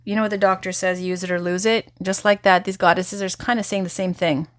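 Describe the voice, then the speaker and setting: A woman's voice: fairly low pitch, a little fast, no room sound, studio quality. A woman giving a tarot reading in a chatty, candid way, saying she is losing her voice. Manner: chatty, candid, lively asides. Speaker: tarot reader. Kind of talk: tarot reading and guided affirmation.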